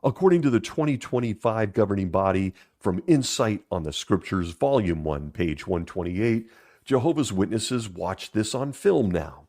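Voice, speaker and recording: Sarcastic man with a lowish voice. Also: animated, moderate pace, a little mellow. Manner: wry, sarcastic, chuckling. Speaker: commentary channel host. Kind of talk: sarcastic commentary.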